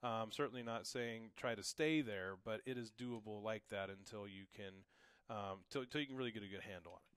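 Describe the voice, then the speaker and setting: A man teaching drums in a relaxed, reassuring way, calling out strokes and counts as he plays. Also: fairly low pitch, brisk, clear, resonant tone, no echo, clean studio sound. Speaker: drum teacher. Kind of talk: casual instructional talk. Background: drum kit playing.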